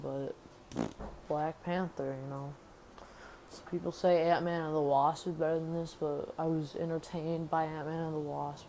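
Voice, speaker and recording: Low-voiced sarcastic woman reviewing movies. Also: dark tone, a little hiss or hum, low-quality recording. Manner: sarcastic, rambling with constant "like"; mocks movie characters in exaggerated voices. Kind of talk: casual movie review rant.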